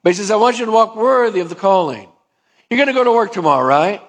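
Middle-aged male pastor, sermon delivery, emphatic, slightly higher voice, acts out dialogues. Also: animated, fast talker. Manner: emphatic preaching, acts out dialogues with shifting pitch.

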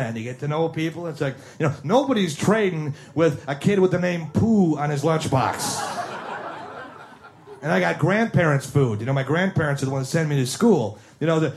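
A man's voice: on the high side, a little fast, slight background noise. Middle-aged man, self-mocking stand-up. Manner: self-mocking nostalgic storytelling, chatting with the crowd. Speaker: stand-up comedian. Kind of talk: stand-up comedy routine.

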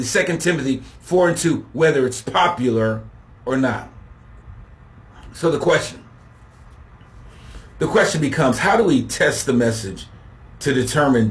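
A man preaching a sermon, slow and emphatic, building to shouted refrains as he contrasts points. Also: mid-range voice.

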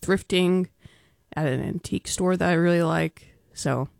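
A radio producer answering the host casually, soft and relaxed. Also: medium pitch, unhurried, vocal fry, dry recording, studio quality. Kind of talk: casual studio chat. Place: radio studio.

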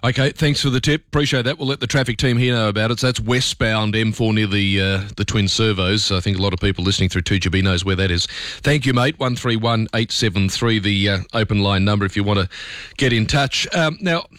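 A man's voice: lowish voice, brisk, a bit bright, dry recording, clean studio sound. An Australian man hosting talkback radio, talking through his opinions in a conversational, opinionated way with plenty of fillers.

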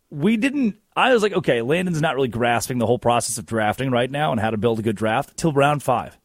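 A man hosting a casual sports talk show, telling stories in an animated, joking way. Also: mid-range voice, brisk, dry recording, clean studio sound. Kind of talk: casual comedic chat.

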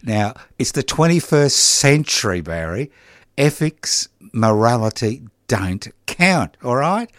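A man's voice: mid-range voice, slow pace, no echo, clean studio sound. An older man with an Australian accent hosting a radio chat, telling stories in a wry, repetitive way. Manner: wry, repetitive, lively storyteller. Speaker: radio host. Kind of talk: casual on-air chat. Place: radio studio.

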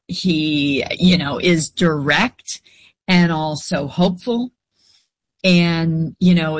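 A woman guest in an interview, recounting her experiences in a reflective, unhurried way. Her voice sits a bit low for a woman. The recording is dry and close, with no room sound. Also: dry recording. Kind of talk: interview storytelling.

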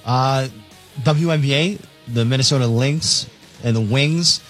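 A man's voice: medium pitch, unhurried, fairly bright tone. Man, radio co-host, mid voice, plain delivery, light music bed. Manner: matter-of-fact, with many fillers. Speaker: radio co-host reading the lines. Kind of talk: reading game lines on radio.

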